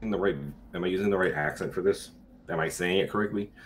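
A man's voice: sits low, quick pace, a bit bright. A young adult man streaming live, chatting casually with crude jokes and frequent laughter. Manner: crude, joking, laughs often.

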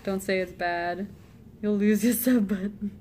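A giggly, chatty woman streaming casually from a hotel room, trading quips with her friends at a mid pitch. Her talk is loose and playful. A faint hum of room noise sits underneath. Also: steady tone, a little slow, mellow. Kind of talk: casual chat.

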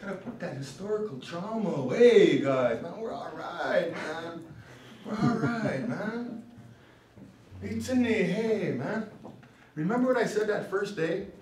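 A man teaching a language class, talking slowly and easily and encouraging his students as he goes. He is heard from a distance in an echoey classroom, with a faint hiss of background noise underneath. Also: sits high, lively intonation, a little mellow. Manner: casual, encouraging, repeats words for students. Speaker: language instructor. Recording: roomy classroom from far off, noisy.

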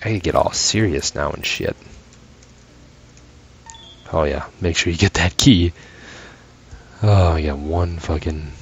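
Gaming host, male, low and unhurried, sweary sarcastic rants, late-night weary. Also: muffled recording, a little hiss or hum. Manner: ranting, profane, sarcastic asides. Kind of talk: casual gameplay commentary.

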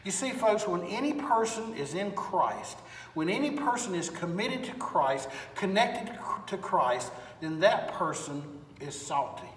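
A man's voice: high voice, big pitch swings, measured pace. A male pastor preaching a sermon in a church with folksy storytelling and strings of rhetorical questions. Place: church sanctuary. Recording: echoey hall, far from mic.

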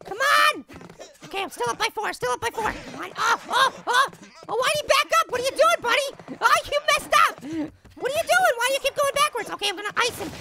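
A gaming channel host, working as a voice actor, plays a tiny, cheeky cartoon apple in a full character voice that's very high and creaky, with background noise behind it. The apple plays a basketball video game, excitedly trash-talking the opponents in quick banter.

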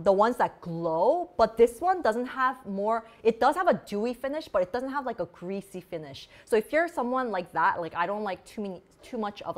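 A woman hosting a beauty vlog, chatting casually and bubbly while demoing products, with lots of "like" fillers. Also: medium pitch. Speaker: beauty vlogger host. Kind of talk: casual live product demo chat.

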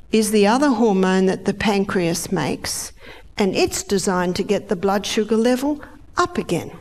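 A middle-aged woman delivers a lively health lecture, voicing the body's organs in high, excited tones.

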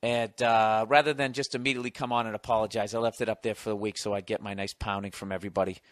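A man's voice: lowish voice, level tone, fast, dry recording. A man in his forties hosting a podcast alone, ranting sarcastically with lots of profanity and mock outrage. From United States. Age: 40s. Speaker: podcast host. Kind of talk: sarcastic solo podcast rant.

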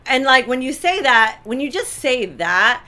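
A woman's voice: sits high, very animated, a little slow, pushed and bright. A middle-aged woman co-hosting a relationship advice chat, talking emphatically and repeating her points for effect. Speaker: co-host giving relationship advice.

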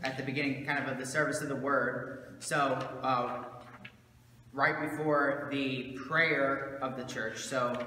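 A man's voice: mid-range voice, fairly even intonation, unhurried, sharp tone, a little hiss or hum. A man, a pastor, teaching his congregation in a casual, conversational way with many fillers and asides, recorded in a church sanctuary. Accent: Southern American. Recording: roomy church hall with long echo.

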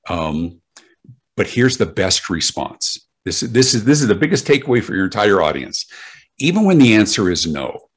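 A man with a fairly low, breathy voice and big pitch swings speaks at a normal speed. As a guest speaker on customer service, he answers interview questions emphatically, packing in anecdotes and often restarting his words.

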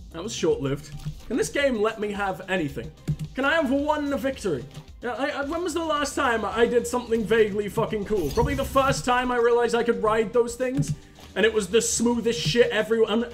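A man's voice: very high-pitched, normal speed, soft background music. A young man commentating his own gameplay, self-mocking and swearing, with sudden yelps when he fails. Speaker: gaming channel host. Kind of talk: let's play commentary.

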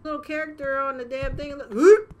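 A young woman playing a horror game and reacting out loud, profane and jokey as she goes. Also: sits high, fairly even intonation, a little fast. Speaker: gaming channel host.

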